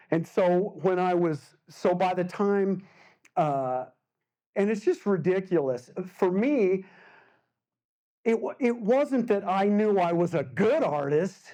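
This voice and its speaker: A man in his sixties, an artist giving a casual storytelling talk, animated and acting out the voices he quotes, with frequent laughs. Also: high voice. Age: 60s. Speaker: guest artist speaker.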